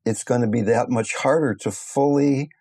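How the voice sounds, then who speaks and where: An older man, a meditation teacher, giving a gentle, thoughtful talk and telling stories along the way. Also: medium pitch, steady tone, normal speed, slightly rough. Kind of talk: reflective talk with storytelling.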